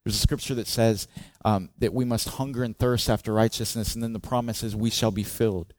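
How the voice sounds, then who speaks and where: A man's voice: on the low side, fairly quick, no room sound. A male pastor preaching a sermon in a conversational way, asking the congregation questions and acting out cries in a raised voice. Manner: expressive, acts out the psalmist's cries with raised voice.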